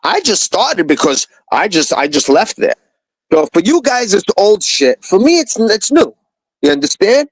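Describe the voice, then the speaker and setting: A man's voice: sits high, big pitch swings, moderate pace, low-quality recording. A man ranting profanely in a heated live-stream chat, repeating himself as he airs a grudge. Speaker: stream participant.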